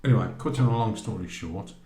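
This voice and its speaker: Lively storytelling man, roomy sound. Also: lowish voice, fast talker. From England, from Great Barr. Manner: animated, acts out both sides of conversations in quoted voices. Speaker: podcast guest telling a travel story. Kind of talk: casual anecdote storytelling. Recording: roomy echo.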